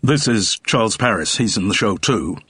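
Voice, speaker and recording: A man's voice: on the low side, lively intonation, normal speed, fairly bright tone, husky, no room sound, studio quality, exaggerated voice. A man reading an audiobook, voicing a cautious, affable American actor. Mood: guarded. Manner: cautious, guarded. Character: wary American TV star man, affably humble.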